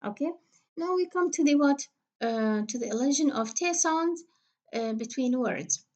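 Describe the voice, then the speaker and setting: Woman, pronunciation teacher, fairly high voice, patient, repeats words slowly. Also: animated, darkish tone, dull audio. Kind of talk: recorded phonetics lecture.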